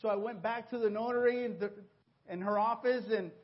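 A man from Mexico giving a personal testimony to his congregation, telling his story with animated exclamations and acted-out voices. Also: high-pitched, brisk, muffled recording. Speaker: church member giving a testimony.

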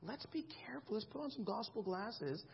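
A man's voice: high-pitched, lively intonation, brisk, vocal fry, breathy edge, dull audio. A man in his thirties preaching a sermon in a conversational way, often checking in with the congregation. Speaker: pastor.

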